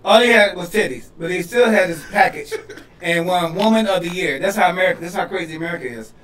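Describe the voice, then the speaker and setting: A man from Detroit, a comedian co-hosting a podcast, riffing loudly and laughing through his punchlines. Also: high voice, fast. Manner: animated, laughing, yelling punchlines. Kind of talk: loose comedic banter. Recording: echoey room, mic at a distance, faint noise.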